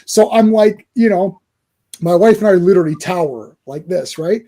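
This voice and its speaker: Husky, animated man telling stories. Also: high voice, moderate pace. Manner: animated storyteller, stammering restarts, laughs often. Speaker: podcast host. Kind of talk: casual chat.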